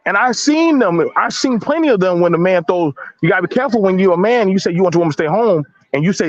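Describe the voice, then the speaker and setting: A man's voice: high-pitched, lively intonation, fast, few pauses, slight background noise. A man, arguing bluntly and emphatically in a heated casual debate, with slangy talk and repeated words. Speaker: panelist. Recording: dull lo-fi audio.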